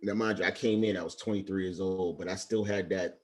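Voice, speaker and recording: A deep, brisk voice with fairly even intonation belongs to a forty-something retired Navy chief from Brooklyn, New York. He tells his stories passionately and earnestly in a relaxed interview.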